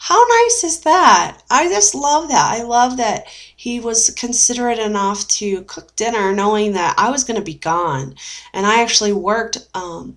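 A young woman vlogger telling a personal story in a chatty way, with many fillers and restarts. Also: mid-range voice. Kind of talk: casual storytelling vlog.

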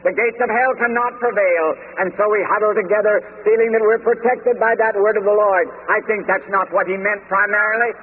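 Guy preaching, high-ish voice, sounds like an old phone-thin tape with a long echo. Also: fairly even intonation, slightly rough. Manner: measured, emphatic preaching with scripture quotes. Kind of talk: sermon. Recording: tinny lo-fi sermon tape in a reverberant hall with faint noise.

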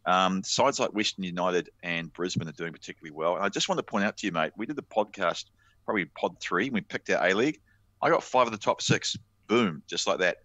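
A New Zealand man co-hosting a football podcast, brisk and opinionated, calling people mate. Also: low-pitched, expressive, sharp tone, no room sound, dull audio. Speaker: podcast co-host. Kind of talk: casual sports chat.

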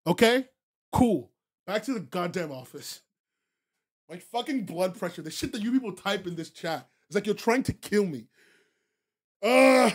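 A man hosting a livestreamed podcast, explaining contracts calmly, then breaking into loud, profane rants and laughing as he goes. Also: sits high, a little slow, long pauses. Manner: swings from calm explaining to loud profane ranting; heavy fillers and restarts, laughs often. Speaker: podcast host. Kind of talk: livestream commentary.

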